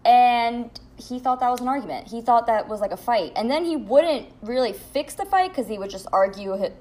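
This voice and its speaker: A young woman telling a storytime vlog at home in a blunt, profane, animated way. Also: on the high side, normal speed. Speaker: vlogger. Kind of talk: storytime monologue.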